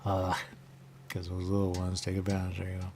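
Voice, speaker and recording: Gravelly low guy rambling on a radio talk show, keeps saying there you go, slight hum behind. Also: completely flat delivery, a little mellow. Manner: rambling, acts out quick high-pitched quoted voices, repeats "there you go". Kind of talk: rambling casual radio chat.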